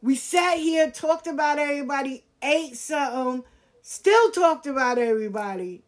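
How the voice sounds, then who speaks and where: A woman's voice: sits high, normal speed. A woman telling a personal story in casual, slangy talk, acting out the voices of people she quotes. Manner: animated, acts out quoted voices, slangy and frank.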